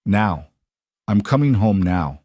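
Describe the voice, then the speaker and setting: A man voicing a steady, gentle grieving father. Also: fairly low pitch, slow, no room sound, studio quality. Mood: resolute.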